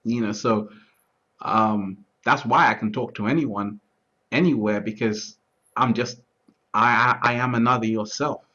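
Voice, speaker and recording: A man talking through his thoughts in a relaxed, reflective conversation, often restarting and asking whether he is understood. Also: mid-range voice, a little slow. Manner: repeats words, restarts often, asks "you see what I'm trying to say". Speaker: interview guest. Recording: dull lo-fi audio.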